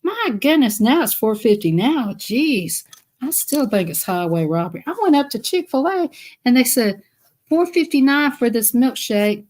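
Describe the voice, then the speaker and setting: A woman's voice: fairly high pitch, animated, moderate pace, darkish tone. Chatty Southern woman telling stories. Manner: chatty, rambling, laughing between phrases. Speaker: live streamer. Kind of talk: casual storytelling to viewers.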